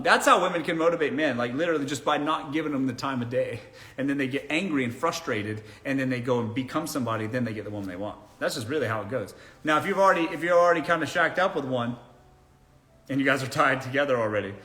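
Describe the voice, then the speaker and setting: A young man with a fairly high, sharp-toned voice hosts a casual live-stream Q&A from an indoor room lit by a ring light. He reads viewer comments out loud, responds bluntly, cracks jokes and laughs frequently.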